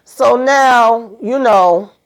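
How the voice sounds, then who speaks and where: A woman chatting casually as she recaps a show episode, animated and full of fillers, acting out the characters' lines. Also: on the high side, very slow. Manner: chatty, heavy on fillers like "you know".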